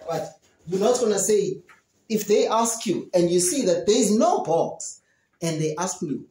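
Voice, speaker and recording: An English teacher giving an online lesson to young children, slowly repeating and drilling questions and answers. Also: medium pitch, dark tone, echoey room, low-quality recording.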